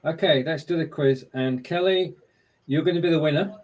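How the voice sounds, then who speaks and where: A man's voice: on the high side, normal speed, poor audio. A man co-hosting a casual live-stream show, chatting in a friendly, upbeat way as he runs a quiz and mutters to himself while working the screen share.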